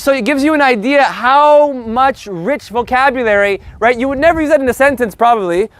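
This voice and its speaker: Man, very high voice, animated, joking Spanish teacher, repeats words slowly, faint street noise. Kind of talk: live online language lesson.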